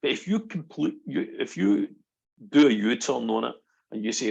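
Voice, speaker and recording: A middle-aged man, a guest on a casual podcast, talking as an animated storyteller who acts out what people said. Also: medium pitch, moderate pace, creaky, husky, poor audio. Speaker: guest, NLP practitioner.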